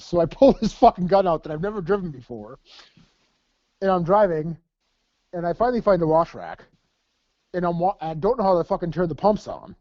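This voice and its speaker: A man's voice: sits high, big pitch swings, fairly quick, long pauses, darkish tone, no echo, muffled recording. A man co-hosting a podcast, telling crude, laughing, profanity-laced army stories in casual chat. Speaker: podcast co-host. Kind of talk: casual storytelling.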